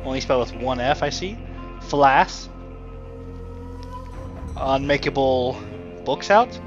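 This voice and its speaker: Slow-paced but expressive, a man with a mid-range voice narrates his video game play in rambling, chatty self-talk, often addressing the game directly. The sound is lo-fi, with game music in the background.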